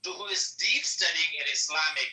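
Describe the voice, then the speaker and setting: A non-native English-speaking man on an audio-app stage, talking in halting, repetitive phrases with many fillers and getting defensive. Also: on the high side, lively intonation, bright, forceful tone, reverberant, recorded from a distance, poor audio. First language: not English. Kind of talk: heated debate.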